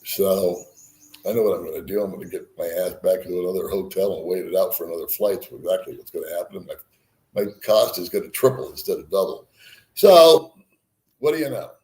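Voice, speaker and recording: A man's voice: deep voice, a little fast, warm tone, reverberant. An older man vlogging, telling a rambling travel story, swearing freely and chuckling at himself. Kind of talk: casual storytelling.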